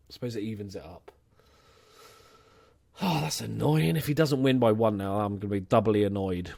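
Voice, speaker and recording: A young man casually commentating his own football management game, chatty and excitable, swearing now and then. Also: on the low side, normal speed, vocal fry, long pauses, dry recording, studio quality. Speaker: let's play host.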